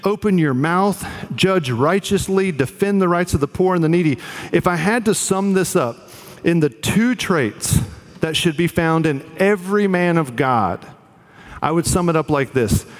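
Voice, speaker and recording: A man preaches in an easy, conversational way, dropping in jokes and lots of "like" as he talks to the room. His voice sits a little high for a man. The sound rings with the long reverb of a church hall. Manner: conversational, joking asides, lots of "like". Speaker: pastor. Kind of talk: casual sermon.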